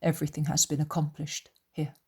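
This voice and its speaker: 女声演绎的 平静温和的男性导师耶稣. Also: female voice, brisk, breathy edge, exaggerated voice. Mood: calm. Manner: calm and low. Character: Jesus, calm gentle adult male teacher.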